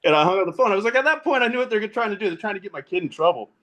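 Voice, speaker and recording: A man's voice: high-pitched, lively intonation, racing, fairly bright tone. A man in his thirties, a podcast guest, telling casual stories about fatherhood and gaming, laughing often as he talks. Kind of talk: casual storytelling.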